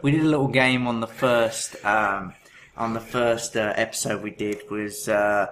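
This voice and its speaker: A man's voice: fairly low pitch, steady tone, measured pace, fairly bright tone, slight background noise. A man co-hosting a podcast, chatting casually and rambling, correcting himself as he goes. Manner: rambling, self-correcting, laughs while telling. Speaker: podcast co-host. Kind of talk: casual chat.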